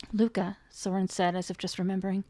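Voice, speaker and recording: A woman with a mellow, medium-pitched voice reads a chapter of her own fantasy novel aloud, with no echo on the recording. In this dramatic fiction reading she lifts her voice for the characters and delivers their lines with increasing emotion.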